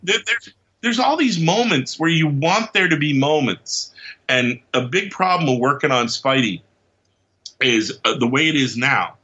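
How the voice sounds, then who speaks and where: A man guest on a podcast, telling stories in an animated, casual way, acting out quotes and laughing often. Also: a little high, unhurried, lo-fi sound. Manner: lively storyteller who acts out quotes and laughs often. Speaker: podcast guest, comics writer.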